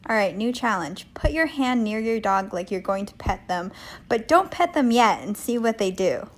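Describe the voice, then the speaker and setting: A woman's voice: mid-range voice, lively intonation, normal speed. A woman casually giving viewers a pet challenge in an upbeat, direct way.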